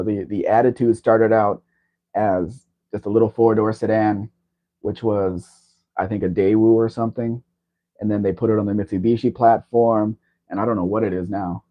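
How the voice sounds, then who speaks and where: A man's voice: lowish voice, fairly even intonation, moderate pace. A man hosting a casual livestream chat, talking in a rambling, chatty way. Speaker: livestream host. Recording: dull lo-fi stream audio.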